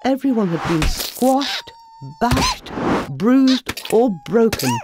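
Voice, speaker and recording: A woman, a children's author, narrating a bedtime story in a playful, animated manner. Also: on the high side, takes it slowly, very noisy. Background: soft music.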